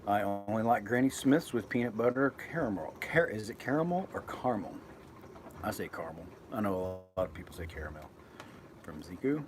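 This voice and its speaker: A man's voice: lowish voice, expressive, brisk, background noise. A man reading out viewers' comments and chatting loosely on a live stream from inside his boat, rambling and correcting himself as he goes. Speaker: vlogger reading live chat. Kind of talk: casual live-stream chat.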